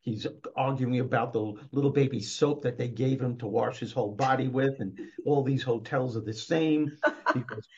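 A man who is a guest on an interview show tells a story in a lively way and acts out its scenes. His voice sits at a middle pitch. The audio is dull and lo-fi. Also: normal speed. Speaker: author and motivational speaker guest.

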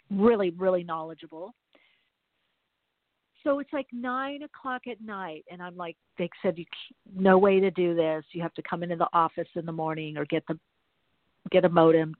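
A woman's voice: fairly low pitch, dry recording. A woman host talks in a loose, rambling, chatty way, spinning everyday stories for her listeners. Her voice comes through thin and tinny, like a phone line, with a close, dry sound and no room around it. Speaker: podcast host. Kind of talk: casual chat.

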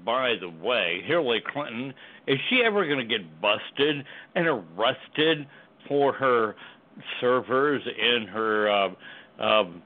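A man's voice: mid-range voice, animated, takes it slowly. A man calling in to a talk show, ranting about politics in a heated, stumbling way and repeating himself. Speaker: caller. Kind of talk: heated political call-in rant. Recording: tinny phone line.

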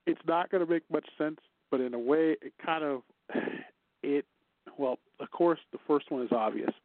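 A man's voice: a little high, moderate pace, no echo. Chatty man on a tinny line. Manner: chatty, laughs often, teasing. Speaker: co-host. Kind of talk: casual news chat show. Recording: dry, tinny phone-like line.

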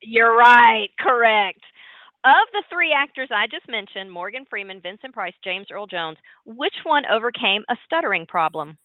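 A chatty woman hosts an interview, her voice rising and falling in a lively way. The sound is dry and thin, like a phone line. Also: a little high, no room sound. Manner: chatty, lively, quick to laugh. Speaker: podcast host. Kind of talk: casual interview chat.

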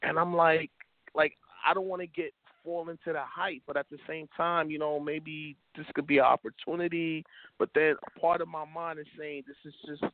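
A man's voice: on the high side, flat delivery, normal speed, dry recording. A man from Brooklyn calling in to a show, talking in an earnest, rambling way as he thinks aloud. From Brooklyn, New York. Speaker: caller. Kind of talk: casual phone call. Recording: dry, tinny phone line.

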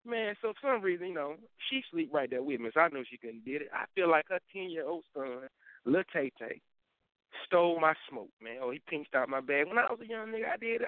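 A man's voice: high-pitched, no echo. A man hosting a casual call-in morning show, telling a story in a rambling, emphatic way with lots of slang. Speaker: radio show host. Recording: tinny phone line with faint music.

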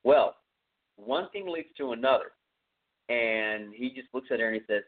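A man talks through a horror film from home in a loose, rambling style, full of fillers. His voice sits at an ordinary pitch, and the sound is thin and phone-like. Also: normal speed. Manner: rambling, many fillers, conversational. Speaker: podcast host. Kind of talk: casual film recap. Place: home room with a cat.

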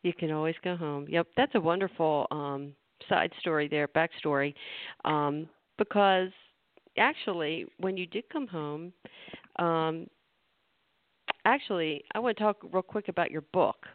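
A host running a casual interview, chatty and quick to agree with the guest. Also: mid-range voice, no room sound. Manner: chatty, quick affirmations, eager follow-ups. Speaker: show host. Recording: tinny phone-like audio.

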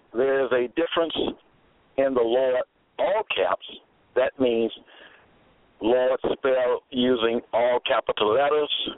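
Slow, tinny radio preacher man. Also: mid-range voice, no echo. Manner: slow, emphatic, repeats phrases. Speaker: radio Bible program host. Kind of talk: slow deliberate radio Bible lecture. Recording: tinny phone-like dry audio.

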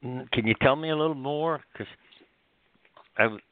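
An older man, a guest author, telling heartfelt stories in an animated, rambling way with many restarts, heard over a phone line. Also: medium pitch, moderate pace, no echo. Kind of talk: storytelling interview.

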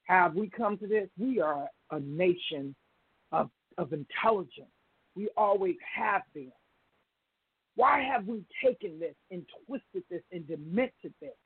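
A woman's voice: fairly low pitch, animated, unhurried, husky, no echo. A woman calling into a talk show, speaking with impassioned, preaching conviction. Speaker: caller. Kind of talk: emotional call-in talk. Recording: phone line.

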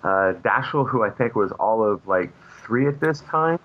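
A comic book artist with a fairly low voice and lively intonation is a guest in a casual interview, speaking at normal speed. He rambles through long, meandering anecdotes, leaning heavily on fillers and restarts. The lo-fi recording sounds dull and muffled.

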